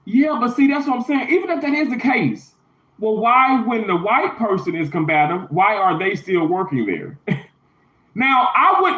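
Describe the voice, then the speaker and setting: Man with a high voice, emphatic and indignant, in a casual livestream rant; roomy, slightly muffled audio. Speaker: livestreamer, hospital worker. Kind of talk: casual live stream rant.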